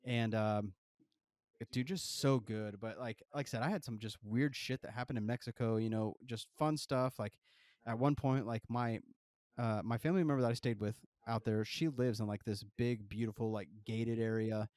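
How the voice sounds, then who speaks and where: A man's voice: medium pitch, moderate pace, a little mellow, no room sound. A man co-hosting a podcast, telling a rambling, profane travel story full of fillers. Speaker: podcast co-host. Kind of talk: casual storytelling.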